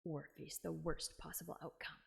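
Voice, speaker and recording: A woman's voice: deep voice, little pitch movement, normal speed, creaky, noisy background, pitched below the performer's own voice. A woman voicing a theatrical French male master criminal with a put-on French accent, haughty and scolding, over background music.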